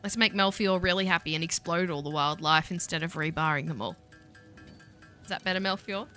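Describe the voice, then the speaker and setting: Aussie lady gamer chatting to chat, kinda low voice, bright, playful. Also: a little fast, soft background music. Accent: Australian. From Australia. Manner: chatty, playful, talks to her chat as she plays. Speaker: game streamer. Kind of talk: casual live-stream chat while gaming.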